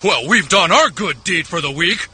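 A man's voice: sits high, expressive, normal speed, bright, forceful tone, slightly rough, heavily acted. Smug crude man, played from a clip.

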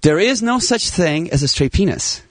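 A man in his fifties, a plastic surgeon guest on a talk show, chatting in an excitable, salesy and jokey way. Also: sits high, normal speed, no room sound. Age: 50s. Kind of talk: animated talk show chat.

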